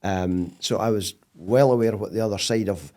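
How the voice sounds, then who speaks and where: A middle-aged man with a Scottish accent, a podcast guest telling stories in casual interview chat, animated and laughing often. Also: lowish voice, moderate pace.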